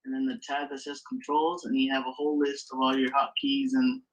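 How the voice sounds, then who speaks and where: A man in a game session calmly explaining where to find the controls menu. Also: mid-range voice, a little fast, low-quality recording. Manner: calm, matter-of-fact instructions.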